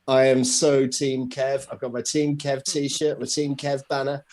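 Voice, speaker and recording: A man's voice: medium pitch, completely flat delivery, unhurried, darkish tone. A man co-hosting a live stream in casual banter, cheeky and self-deprecating, introducing guests. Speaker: co-host. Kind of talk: casual chat.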